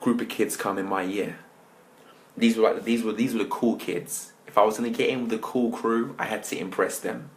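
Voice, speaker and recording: A man's voice: on the low side, a little fast, slight background noise. Chatty man telling his story. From England. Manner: lively, chatty, speaks straight to listeners. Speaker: motivational speaker. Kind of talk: storytelling talk to an audience.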